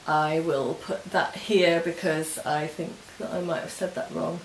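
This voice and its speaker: A deep, steady-toned woman moves at a measured pace while chatting on her knitting podcast. She rambles a bit as she explains each project step by step in a laid-back show-and-tell. Expect roomy echo and faint background hiss.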